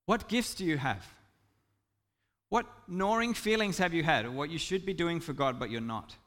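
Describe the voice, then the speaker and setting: Pastor guy preaching, goes big then real soft, kinda high voice, echoey hall. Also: expressive, normal speed. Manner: impassioned, swings from loud emphasis to soft intimate tones. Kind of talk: sermon.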